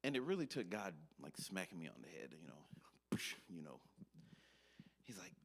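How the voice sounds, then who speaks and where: A man giving a short, earnest sermon, talking as if to a friend. His voice is low but moves a lot in pitch, and he often drops in a casual "you know". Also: expressive, normal speed. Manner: conversational, earnest, fond of filler "you know". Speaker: speaker, preacher.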